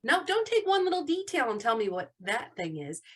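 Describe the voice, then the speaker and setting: An upbeat woman teaching an online class, her voice sitting a little high for a woman. She praises her students warmly and keeps her energy up. She is heard over a video-call mic. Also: sing-song, a little fast, breathy edge. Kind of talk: live online class lesson.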